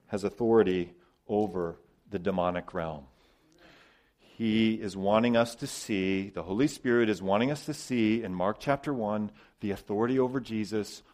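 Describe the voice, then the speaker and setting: A man preaching a sermon as pastor, emphatic, with loud stresses, quiet drops and repeated words. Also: lowish voice.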